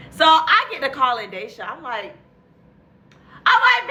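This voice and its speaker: A woman's voice: high-pitched, unhurried, long pauses. A young woman, casually telling a story with lots of cursing, fillers and acted-out quotes. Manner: animated, acts out quotes, heavy cursing, many fillers.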